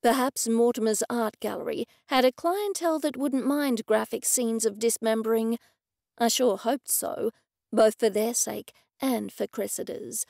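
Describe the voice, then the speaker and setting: A woman reading an audiobook in wry, even first-person storytelling. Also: on the high side, a little slow, gravelly, no room sound, clean studio sound. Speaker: audiobook narrator. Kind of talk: scripted narration.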